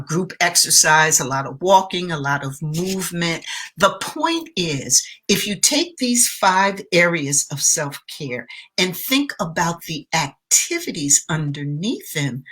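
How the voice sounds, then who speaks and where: A woman's voice: lowish voice, sing-song, a little slow, a bit bright, slightly rough. A woman giving a motivational self-care talk as a coach, emphatic and speaking straight to the viewer, repeating her key phrases.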